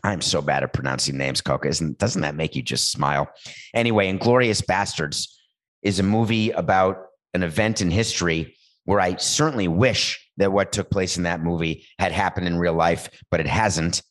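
A man hosting a talk show, riffing playfully and rambling, with sudden jumps in pitch. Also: moderate pace. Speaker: show host. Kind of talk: comedic talk-show monologue with ad read.

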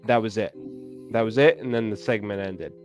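Laid-back, low-voiced male co-host. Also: normal speed, soft background music. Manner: laid-back, hesitant, with many fillers. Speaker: podcast co-host. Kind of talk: casual sports podcast chat.

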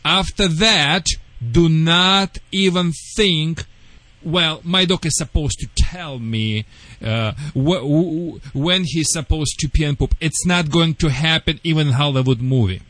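A man who is not a native English speaker gives radio call-in advice as a dog trainer, with a fairly high voice. He talks in broken English and lays out emphatic step-by-step instructions. The sound is dry and close, with no room behind it. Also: measured pace, a bit bright, no echo.

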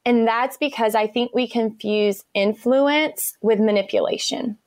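A woman's voice: fairly high pitch, unhurried, a little mellow, no room sound, studio quality. An enthusiastic woman, chatting as an interview guest and laughing often. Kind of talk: conversational interview.

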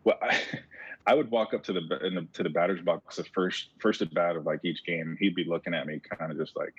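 A former baseball player, a man telling stories in a casual chat, animated and repeating words as he goes. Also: deep voice, fairly quick, slightly rough, no room sound. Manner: animated storyteller who repeats words as he talks. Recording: muffled lo-fi audio.

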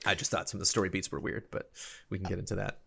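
A man co-hosting a podcast, chatting casually in a rambling, animated way with lots of fillers. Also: deep voice, racing, vocal fry. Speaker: podcast co-host. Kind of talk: casual chat.

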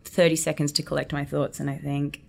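An Australian woman in her twenties with a notably low voice. She tells animated anecdotes as a guest and slips into the voices of her own thoughts as she goes. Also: a little fast, gravelly. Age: 20s. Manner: lively, acts out her own inner thoughts. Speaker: actress guest.

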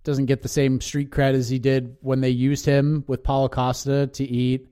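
A man co-hosting a casual podcast, talking in animated bursts and ranting with excitement. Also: medium pitch, normal speed, clean tone. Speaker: co-host.

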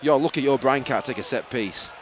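A man's voice: medium pitch, a little fast, a little hiss or hum. A man, co-hosting a football fan podcast outdoors at a match, chatty and laughing, full of rambling asides. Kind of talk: casual football banter.

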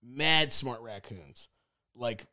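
A young man co-hosting a podcast, telling rambling, profane stories in casual chat and acting out loud quotes. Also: medium pitch, very slow. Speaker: podcast co-host.

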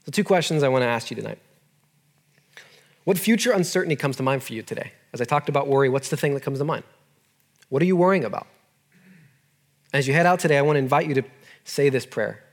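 A man's voice: medium pitch, animated, fast, pauses often. A young man preaching a sermon in a casual, earnest way to a group in a room. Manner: casual, earnest, talks to listeners as "dude". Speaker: youth pastor.

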